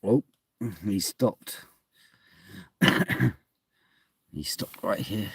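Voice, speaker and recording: A man's voice: fairly low pitch, extremely slow, creaky, a bit bright, slightly rough, no echo. A man chatting casually to his phone camera from inside a parked car at night, in a wry, mumbling way. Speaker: vlogger.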